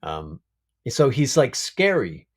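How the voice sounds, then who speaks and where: A man, an actor being interviewed, speaking in an unhurried, reflective way and laughing often over a video call. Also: medium pitch, lively intonation. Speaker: actor guest. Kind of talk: casual interview chat.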